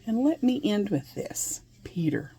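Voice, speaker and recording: Woman Bible teacher, husky and gravelly, earnest and conversational, puts questions to her listeners. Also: medium pitch, very animated, measured pace, dark tone. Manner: earnest, laughs between points.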